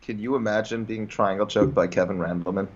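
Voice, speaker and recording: A man joining a casual podcast as a guest, joking in quick banter. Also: fairly low pitch, steady tone, highs cut off.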